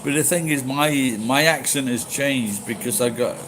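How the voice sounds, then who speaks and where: A middle-aged man from Yorkshire, chatting casually on a livestream, rambling and halting, speaking slowly and swearing now and then. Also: mid-range voice, rough recording. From Yorkshire, England. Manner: talks slowly and deliberately. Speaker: livestream host. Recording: steady background noise.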